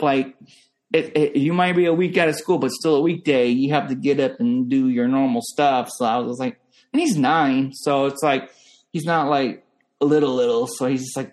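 Young guy from norcal rambling through stories, does silly high voices for other people. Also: brisk. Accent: American. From Northern California. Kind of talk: casual chat.

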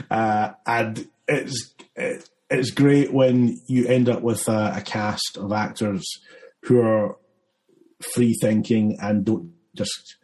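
Man, filmmaker guest, low warm voice, loose rambling delivery. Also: steady tone, takes it slowly, low-quality recording. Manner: rambling, many fillers and restarts, laughs often. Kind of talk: casual interview chat.

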